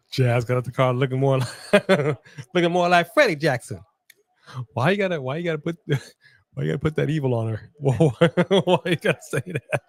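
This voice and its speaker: A man co-hosting a live wrestling watch-along stream in casual chat, loosely joking and reading out viewer shout-outs. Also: on the high side, lively intonation, measured pace, pauses often, no room sound.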